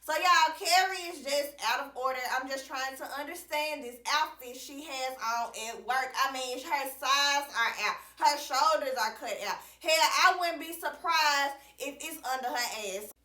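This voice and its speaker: High bright-voiced woman, chatty recapper. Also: a little slow, few pauses, reverberant, far from the mic. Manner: chatty, slangy, addresses viewers as y'all, swears freely. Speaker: TV recap reviewer. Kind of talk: casual episode recap.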